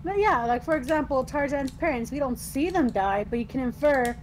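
Blunt, high-voiced woman chatting. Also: lively intonation, brisk, a little hiss or hum, rough recording. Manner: matter-of-fact, blunt. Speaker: guest on a game stream. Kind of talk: casual chat.

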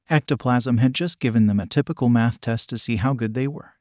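A man narrating a fan fiction story in a steady, even reading style. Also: mid-range voice, dry recording, clean studio sound.

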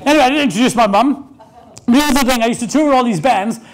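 Male keynote speaker with a high-pitched voice, brash comic storyteller on a live stage. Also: quick pace. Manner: brash, joking, swears, acts out quoted people. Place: stage before a live audience.

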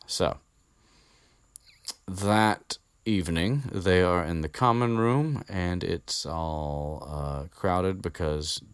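A man with a strikingly deep, low voice recaps a book in a loose, rambling way. He fills his talk with fillers and the odd casual curse. The sound is dry and close, with no room around it. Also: takes it slowly, clean tone, no echo. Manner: rambling, chatty, swears casually. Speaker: podcast host.

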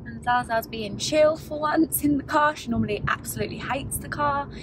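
A woman's voice: high-pitched, normal speed. A young woman with a Kent accent chatting casually in a moving car, teasing her partner, laughing often and swearing casually. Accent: Kent English. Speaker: vlogger. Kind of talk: casual chat. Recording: loud car road noise.

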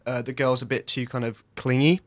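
A man's voice: medium pitch, steady tone, fairly quick, dry recording. A young man reviewing a film on a radio show, rambling and hesitant. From United Kingdom. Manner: rambling, hesitant, often trailing off. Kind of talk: casual radio chat.

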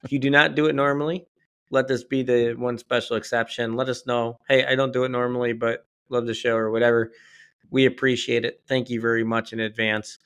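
Male podcast host, mid pitch, talkative, jokey, easy laugh, casual business chat. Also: gravelly, a bit bright, clear, resonant tone. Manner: talkative, joking, quick to laugh. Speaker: podcast host, company CEO.

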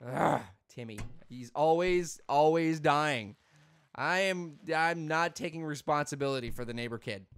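A man hosting a let's play video, commenting in a goofy, excitable way and laughing often at his own jokes. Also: fairly high pitch, unhurried, clean tone. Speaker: gaming video host.

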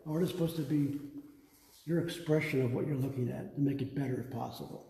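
A man guiding a live museum tour, telling lively stories about his father's art. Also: mid-range voice, a little fast, creaky, echoey room, long reverb tail, poor audio. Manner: animated anecdotes, acts out his father's lines. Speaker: museum guide, artist's son. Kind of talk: casual storytelling on a live tour. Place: art museum gallery, indoors.

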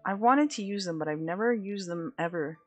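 A woman's voice: medium pitch, a little fast, no room sound, soft background music. A woman streaming live, chatting casually with viewers in a giggly, dramatic way, laughing often.

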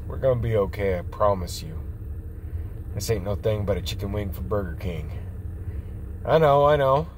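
Slow, folksy man in a car. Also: fairly low pitch, lively intonation, slight background noise. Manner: folksy, reassuring, drawn-out talk. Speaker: vlogger. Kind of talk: casual rambling vlog.

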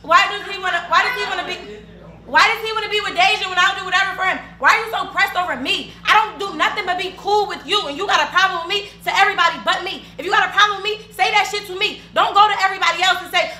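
A woman's voice: very high voice, racing, sharp tone, echoey room. A woman confronting another woman, profane and half-laughing as she presses her point. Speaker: reality show cast member. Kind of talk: heated confrontation.

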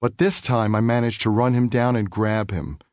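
Man narrating his own memoir in a studio, measured and earnest, mid-pitched, with a dry close sound. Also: fairly even intonation, a little mellow, no room sound. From New York City. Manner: measured, earnest, reflective reading. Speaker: author reading his memoir.

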